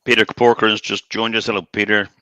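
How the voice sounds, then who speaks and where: A soft-spoken man chatting casually through a headset as the scorekeeper of a live quiz. His tone is bright and clear, and the sound is dry and close. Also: fairly low pitch, level tone, fast, no room sound, dull audio. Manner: soft-spoken, voice trails off at line ends. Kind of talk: casual banter.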